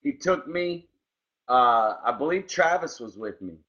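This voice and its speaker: A man's voice: medium pitch, lively intonation, measured pace, fairly bright tone. A male co-host in casual chat who enthusiastically greets listeners by name. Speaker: podcast co-host. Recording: dull lo-fi sound.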